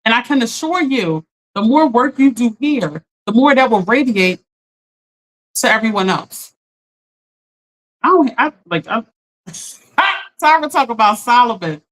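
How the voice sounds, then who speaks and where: Woman coach chatting live w/ viewers, animated, laughs a lot, kinda high voice. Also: measured pace, pauses often, poor audio. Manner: animated, laughs often, talks straight to viewers as y'all. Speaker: life coach. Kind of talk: casual live-stream chat reading comments.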